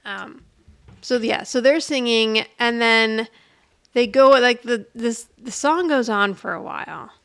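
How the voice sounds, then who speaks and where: A woman on a podcast retells a TV episode in a loose, chatty way, laughing as she goes. Her voice sits a little high and has a gravelly, creaky edge. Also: measured pace. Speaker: podcast co-host recapping a TV episode. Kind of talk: casual chat.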